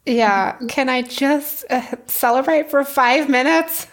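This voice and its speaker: A woman's voice: high voice, slow pace. A woman hosting a podcast interview, answering her guest with short affirming interjections. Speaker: podcast host. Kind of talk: interview conversation.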